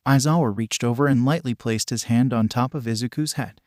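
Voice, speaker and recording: A man giving a steady scripted narration of a fan fiction story. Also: medium pitch, brisk, hardly any pauses, dry recording, clean studio sound.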